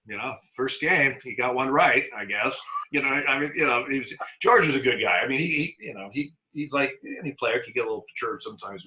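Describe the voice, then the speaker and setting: A man, a former umpire, telling lively anecdotes in an interview, with frequent restarts and acted-out quotes. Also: fairly low pitch, poor audio. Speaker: retired baseball umpire guest. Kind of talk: storytelling in a conversational interview.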